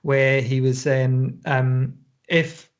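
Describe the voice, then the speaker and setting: A man's voice: mid-range voice, level tone, drawn-out words, highs cut off. A man co-hosting a casual basketball podcast, rambling and restarting, often breaking into laughs. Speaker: podcast co-host. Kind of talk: casual chat.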